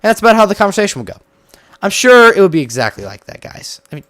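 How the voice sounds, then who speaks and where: A man's voice: high-pitched, big pitch swings, fast talker, a bit bright, no echo, clean studio sound. A man chatting casually while playing a building game, rambling and filling his talk with "like". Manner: rambling, chatty, heavy use of "like". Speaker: gaming video host. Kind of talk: casual gameplay commentary.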